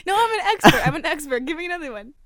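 High, lively giggly woman. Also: rapid-fire. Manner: giggly, playful, swears freely. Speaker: podcast co-host. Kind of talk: casual chat.

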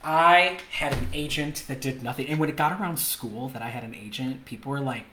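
A man co-hosting a podcast, telling a story in a casual, animated way, laughing often and mimicking the people in it. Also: medium pitch, brisk, hardly any pauses, noisy background. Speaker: podcast co-host. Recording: roomy echo.

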